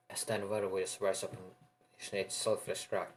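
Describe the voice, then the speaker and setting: A man narrating an improvised fan story in a rambling, halting way, often restarting his sentences. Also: sits low, flat delivery, a little hiss or hum, low-quality recording.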